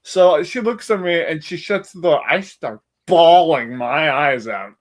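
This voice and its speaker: A man's voice: on the high side, unhurried. A man telling a rambling personal story in casual chat, laughing often and acting out the voices of family members. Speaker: stream co-host telling a story.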